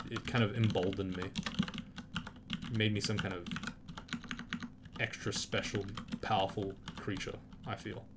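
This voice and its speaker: A man's voice: lowish voice, fairly even intonation, unhurried, long pauses, very noisy. A man giving casual, profane commentary while playing a game, flaring into indignant outbursts at enemies. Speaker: gameplay commentator. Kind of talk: casual let's-play commentary. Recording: loud keyboard clicks picked up by mic.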